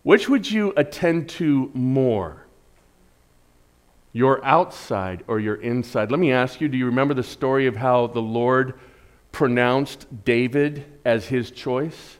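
A man's voice: mid-range voice, slow pace, smooth. Middle-aged man as pastor, conversational sermon, playful asides, big dynamic swings. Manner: conversational preaching with humor and rhetorical questions; dynamic, swinging from loud emphatic to soft.

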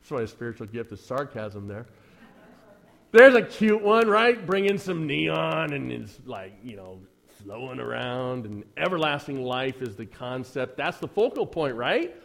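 A man's voice: medium pitch, sing-song, a little slow, gravelly, fairly bright tone. A man preaching a Sunday sermon in a church, conversational and joking, with dry sarcasm and frequent rhetorical questions to the congregation. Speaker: pastor.

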